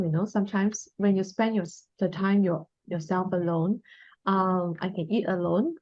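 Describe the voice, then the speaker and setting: A woman's voice: mid-range voice, a little mellow, dry recording. A woman co-hosting a podcast in a casual book discussion, steadily guiding the talk from topic to topic. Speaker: podcast co-host. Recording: dull lo-fi dry sound.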